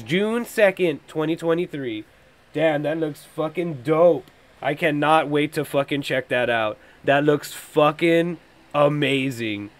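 A man hosting a podcast, reacting casually to a movie trailer. He thinks out loud, gets excitable and swears constantly. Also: fairly high pitch, a little slow. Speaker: podcast host.

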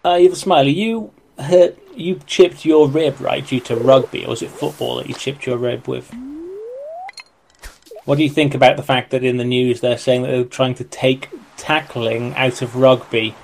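A man's voice: medium pitch, fairly even intonation, normal speed, vocal fry, a little hiss or hum. A man co-hosting a game stream, chatting loosely and greeting viewers. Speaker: co-host of a gaming stream. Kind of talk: casual let's-play chat.

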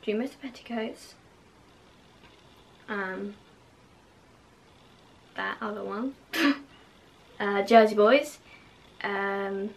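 A woman's voice: fairly high pitch, slow pace, long pauses, fairly bright tone. A young woman vlogging casually to camera, gushing and full of fillers, now and then dropping to a whisper.

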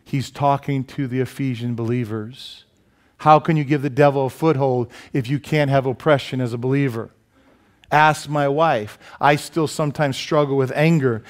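A male pastor delivering a sermon in a church. He preaches in an animated way, cracks jokes and keeps asking his listeners questions. His voice sits at an ordinary pitch for a man. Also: moderate pace. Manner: animated, joking, many rhetorical questions to the congregation. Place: church sanctuary.

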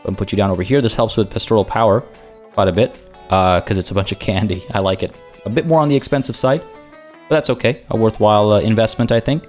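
A man's voice: on the low side, darkish tone. A man hosting a let's play, chatting and thinking aloud as he plays, often poking fun at himself. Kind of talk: game commentary.

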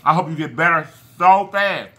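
A man with a high, piercing voice hosts an eating video and chats casually to his viewers. He thanks his fans one by one with warm affection, often tripping over names and correcting himself. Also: normal speed. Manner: affectionate, giving shout-outs to fans. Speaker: mukbang channel host.

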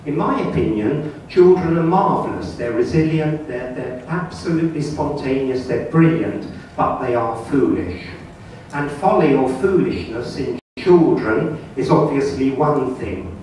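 A man's voice: mid-range voice, animated, measured pace, a little mellow, a little hiss or hum. A man giving a talk to a club audience, earnest and lecturing, who asks the room questions and counts raised hands. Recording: echoey room, far from mic.

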